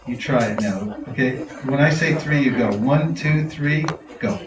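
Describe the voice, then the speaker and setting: A man speaks to a gathered audience as a spiritual teacher, bursting with enthusiasm and breaking into laughter. His voice sits at a middle pitch. It rings through a roomy hall from a mic set well back, with faint noise underneath. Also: measured pace, distant mic. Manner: enthusiastic, laughing, animated storyteller. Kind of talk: devotional talk to an audience. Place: large room with a live audience.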